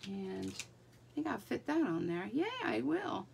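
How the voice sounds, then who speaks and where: A woman's voice: medium pitch, sing-song, unhurried, creaky, background noise. A woman chatting her way through a live card-making demonstration, talking to herself as she works. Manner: chatty, talks to herself while working.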